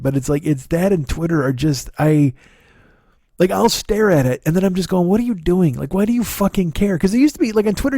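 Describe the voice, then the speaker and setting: A man's voice: a little high, dark tone, dry recording, clean studio sound. A man in his forties doing a profane, ranting comedy podcast monologue, full of laughs and restarts. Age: 40s. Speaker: podcast host.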